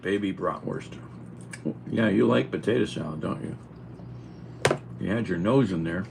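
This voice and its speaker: A man vlogging at home, talking in an animated, exclaiming way to his cat and the camera. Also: deep voice, measured pace, creaky, noisy background. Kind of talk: casual chat.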